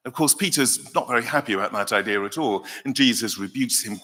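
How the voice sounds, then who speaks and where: A man with a Welsh accent, a cathedral dean, reads a Bible passage and then reflects on it in a thoughtful, measured way. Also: mid-range voice, pushed and bright. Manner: measured reading, then thoughtful talk with fillers. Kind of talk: Bible reading and reflective teaching. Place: large convention hall. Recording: long hall reverb.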